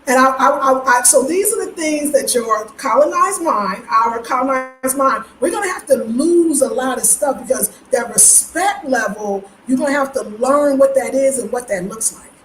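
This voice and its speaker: A woman's voice: high-pitched, lively intonation, normal speed, hardly any pauses, a bit bright, a little hiss or hum. A middle-aged woman hosting a casual livestream, greeting viewers by name and speaking bluntly and emotionally about respect. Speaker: livestream host. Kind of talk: casual live-stream chat. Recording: roomy echo.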